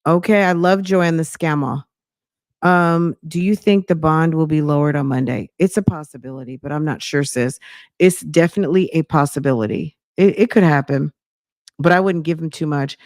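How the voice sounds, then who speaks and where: A woman's voice: sits low, normal speed, darkish tone, dry recording, studio quality. A woman hosting a reaction commentary stream, chatty and sassy, addressing viewers as sis.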